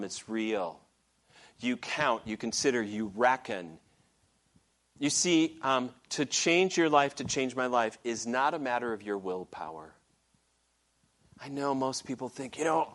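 A man's voice: mid-range voice, fairly bright tone. A male pastor preaching a sermon in a conversational way, with frequent "okay" check-ins and fillers.

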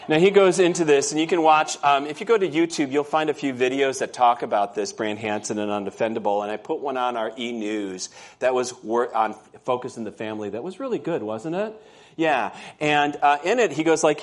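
A man's voice: mid-range voice, expressive, moderate pace. Male pastor, casual storytelling sermon style, keeps checking in with the congregation. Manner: storytelling, conversational, asks the congregation questions. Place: church.

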